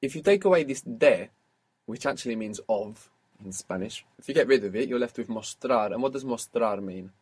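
Man, language teacher, husky, patient, prompting questions, brief praise. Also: medium pitch, animated, moderate pace, a little mellow. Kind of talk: spoken language lesson.

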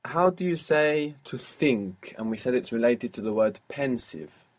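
A man's voice: mid-range voice, lively intonation, a little slow. A man teaching a spoken language lesson, patiently prompting his student with questions and short praise.

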